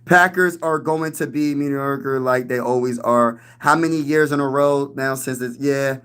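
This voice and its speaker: In an unhurried, mid-range voice that's a bit bright and clean, with fairly even intonation, a young man hosts a casual sports livestream. He pumps up the energy, reads and answers chat, and talks trash about other teams.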